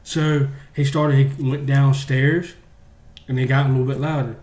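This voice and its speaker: A man spins out a long joke in a halting, filler-heavy way, stretching it on purpose. His voice is mid-pitched and carries in an echoey room. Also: level tone, a little mellow. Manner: drawn-out, halting, with many fillers. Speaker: joke teller. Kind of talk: rambling spoken joke.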